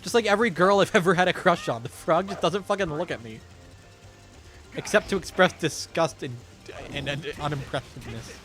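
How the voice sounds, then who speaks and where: A male game streamer talking into a desk mic at home, a touch higher-pitched than most men. He rambles casually and profanely with a wry, jumpy edge, while faint game music plays underneath. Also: fairly quick, fairly bright tone. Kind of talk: casual live-stream commentary while gaming.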